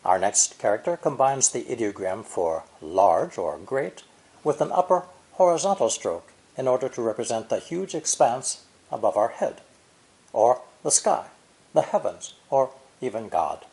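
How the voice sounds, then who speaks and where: A man narrating a scripted language lesson in a measured way, modeling each sound as he explains it. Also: medium pitch, sing-song, darkish tone. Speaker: language teacher.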